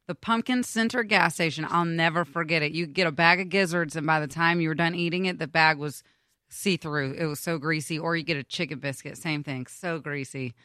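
Bright woman telling a story. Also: low-pitched, fairly quick, no echo, clean studio sound. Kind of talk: casual chat.

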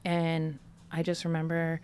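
A woman's voice: low-pitched, monotone, unhurried, darkish tone, a little hiss or hum. A woman from Massachusetts, a podcast guest, telling a personal story casually with many "like"s and quoted dialogue. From Brockton, Massachusetts. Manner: casual, fillers "like" often, quotes people in her story.

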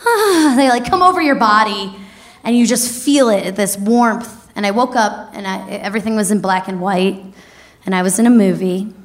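A woman in her thirties telling a wild personal story on stage, lively and laughing as she goes. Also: fairly high pitch. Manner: lively, animated, breaks into laughter. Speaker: comedic storyteller. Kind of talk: stand-up storytelling.

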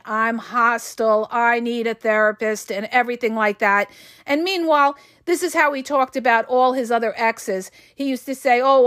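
A woman's voice: on the high side, a bit bright, no room sound, clean studio sound. A woman hosting an advice podcast, talking bluntly and emphatically, swearing casually and often checking in with "okay?" and "all right?". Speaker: podcast host.

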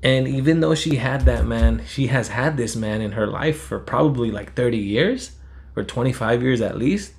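Gravelly guy telling stories. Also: mid-range voice, moderate pace. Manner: profane, rambling, heated. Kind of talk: casual storytelling.

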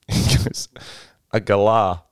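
Laid-back young Australian man, smooth voice. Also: lowish voice, fairly even intonation, takes it slowly, no echo, studio quality. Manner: laid-back storyteller, swears freely, laughs often. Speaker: podcast co-host. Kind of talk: casual chat.

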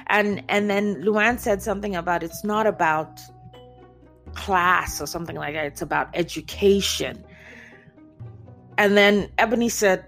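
A woman's voice: mid-range voice, moderate pace, soft background music. A woman chatting casually as she recaps a reality TV show, acting out what people said and laughing often. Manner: animated storyteller, acts out quotes, laughs often. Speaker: reality TV commentator.

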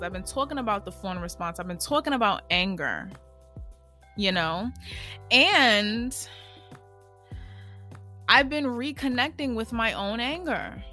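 An out-of-breath young woman hosts her own podcast, bursting with energy and dropping slang as she talks. Her voice is bright and a little high, and she takes her time despite the excitement. Faint music sits behind her. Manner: energetic, exuberant, slangy, laughs often. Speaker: podcast host and spiritual healer. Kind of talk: casual solo podcast monologue.

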